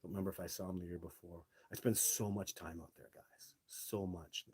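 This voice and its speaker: A middle-aged man hosting a live show, telling his own stories casually and answering viewer questions in an animated way, with some swearing. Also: low voice, fairly quick, slightly rough, no room sound.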